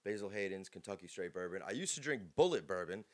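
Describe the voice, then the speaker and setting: A man's voice: low voice, quick pace, dry recording. A man in his thirties co-hosting a podcast, telling crude, joking stories in casual chat. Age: 30s. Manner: crude, joking, animated storytelling. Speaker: podcast co-host.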